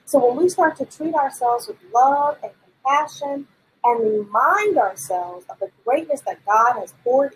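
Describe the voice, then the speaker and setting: A woman's voice: a little high, slightly rough, rough recording. A woman giving an upbeat, encouraging talk as a leadership coach, repeating key phrases for emphasis and speaking faith-based affirmations. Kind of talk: motivational talk to listeners.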